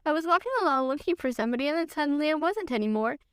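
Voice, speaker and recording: A woman voicing a small, timid male piglet with a high, squeaky voice and a nervous, trembling manner. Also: lively intonation, racing, fairly bright tone, no echo, studio quality.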